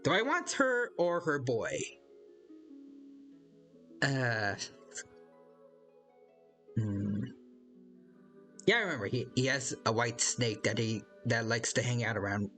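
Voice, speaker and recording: Guy streaming, rambly and unsure, lively up-and-down pitch, bright voice, a little music in the back. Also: slow, pauses often. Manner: rambling, hesitant, talks to chat by name. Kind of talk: casual live-stream chat while playing a game.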